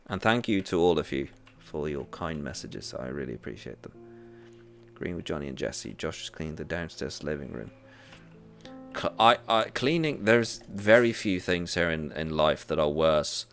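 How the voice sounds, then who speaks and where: Male streamer chatting while gaming, deep voice that swings widely in pitch, rambling and prone to restarts. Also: a bit bright, clean tone. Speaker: live streamer. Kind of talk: casual chat while gaming.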